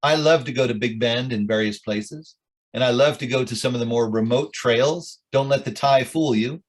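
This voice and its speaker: A man's voice: mid-range voice, moderate pace. A middle-aged rabbi telling stories with jokes and asides to his audience at a club meeting. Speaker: rabbi, guest speaker. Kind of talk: informal talk at a club meeting.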